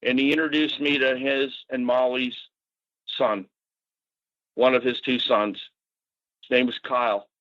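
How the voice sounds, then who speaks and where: A man in his sixties from Massachusetts, a podcast guest telling stories in an animated, casual way with swearing and fillers. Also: mid-range voice, a little slow, pauses often, no room sound. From Natick, Massachusetts. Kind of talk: casual storytelling. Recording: dull dry podcast audio.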